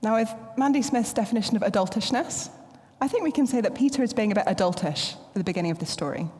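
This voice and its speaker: A woman, preaching a sermon in a playful, animated storytelling manner. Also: medium pitch, quick pace, long reverb tail. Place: church.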